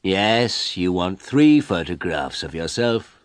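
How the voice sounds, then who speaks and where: A man reading a storybook aloud, voicing a proud, brusque middle-aged photographer who talks slowly and emphatically. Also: low-pitched, very animated, no room sound, full character voice. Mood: boastful. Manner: boastful, brusque, slow and emphatic.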